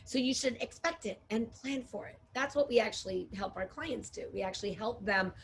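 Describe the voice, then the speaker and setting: Female co-host, relationship coach, lively and laughing, bit high, light noise floor. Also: brisk. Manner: animated, laughs often, acts out clients' voices. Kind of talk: casual chat. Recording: faint background noise.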